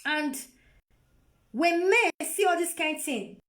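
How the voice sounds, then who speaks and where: High-pitched Nigerian woman scolding on live. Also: expressive, slow pace, fairly bright tone. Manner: scolding, repetitive, lecturing. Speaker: vlogger. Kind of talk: live video commentary.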